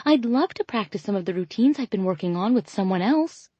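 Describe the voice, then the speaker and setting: Woman doing a bubbly young woman, audiobook, high excited gushing voice, mellow, dull audio. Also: fairly quick, husky, no room sound.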